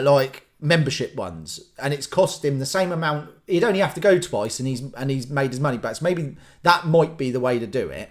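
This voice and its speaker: Animated man ranting to camera. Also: mid-range voice. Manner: rambling, animated, acts out little scenes in funny voices. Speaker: vlogger. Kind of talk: solo ranting vlog.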